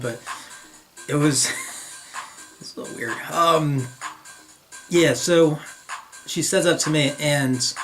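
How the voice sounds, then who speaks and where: Young jersey guy rambling a story to camera, trips over his words, laughs at himself, faint music behind. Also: medium pitch. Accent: New Jersey. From northern New Jersey. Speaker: vlogger.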